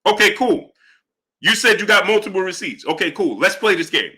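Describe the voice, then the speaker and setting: Guy on a boxing livestream, bright sharp voice, kinda high, calling out chatters. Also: lively intonation, a little fast, breathy edge. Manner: combative, challenges chatters, shouts out viewers. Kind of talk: live-stream chat, reading donations.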